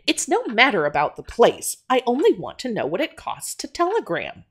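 A woman's voice: a little high, huge pitch swings, moderate pace, breathy edge, voice pushed up, heavily acted. A woman voicing a brash, ignorant woman customer who speaks curtly and incredulously, in an audio drama reading. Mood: huffy. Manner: curt, huffy, incredulous.

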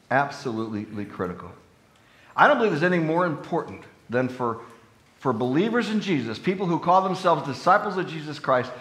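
A man preaching a sermon as pastor, earnest and conversational, rising into animated emphasis on his main points. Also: medium pitch. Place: church sanctuary. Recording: echoey church room.

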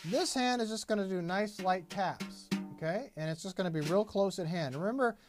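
A man's voice: high voice, normal speed, music in the background. A man teaching a drum lesson, patiently explaining and counting beats aloud as he plays. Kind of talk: instructional demonstration.

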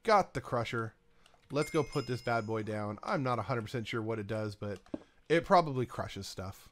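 A man's voice: mid-range voice, expressive, normal speed, a bit bright, slight background noise. A man casually talking through his game as he plays, chatting to himself and to the items he places. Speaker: gaming YouTuber. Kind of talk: casual let's-play commentary.

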